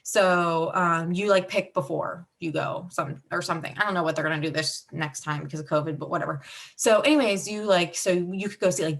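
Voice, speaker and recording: A woman's voice: fairly low pitch, fairly bright tone. A young woman telling her team a personal story in casual, rambling talk, heavy with fillers and heartfelt. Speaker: team director giving a mindset talk.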